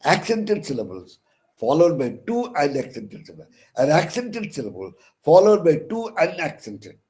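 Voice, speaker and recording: This counsellor teaching English literature has an Indian English accent and a fairly high, sing-song, darkish voice at a moderate pace. In his online lecture on poetic meter he hesitates, restarts and uses many fillers, stressing syllables as he reads examples.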